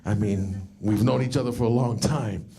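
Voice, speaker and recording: A man's voice: lowish voice, moderate pace, gravelly, warm tone, slightly rough. A man hosting a comedy show and introducing comedians in a loose, laughing way. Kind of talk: emcee introductions. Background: crowd.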